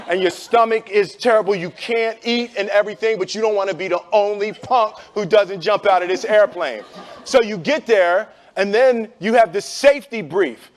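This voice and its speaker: High voiced guy spinning a story for a crowd, laughing a lot and doing voices. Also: normal speed. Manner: animated, acts out voices, laughs often. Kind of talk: storytelling talk to an audience.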